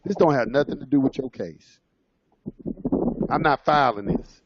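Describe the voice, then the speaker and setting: A man's voice: mid-range voice, normal speed, slightly rough, no room sound, muffled recording, natural voice. A man voicing an angry, stern woman judge who hollers and scolds from the bench. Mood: flat refusal. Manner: loud, hollering, bossy.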